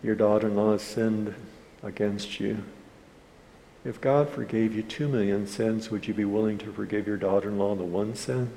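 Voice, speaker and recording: Gravelly low-voiced male pastor preaching. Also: fairly even intonation, moderate pace, mellow. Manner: earnest storytelling, quoting others in dialogue. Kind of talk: sermon with a storytelling anecdote. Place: church hall. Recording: hall reverb with faint room noise.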